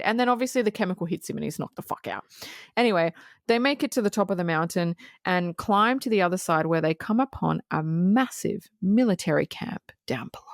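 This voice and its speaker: A woman's voice: mid-range voice, no room sound, clean studio sound. A woman co-hosting a podcast, chatting casually about a film and retelling scenes with lots of swearing and quoted asides. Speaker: podcast co-host. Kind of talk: casual film review chat.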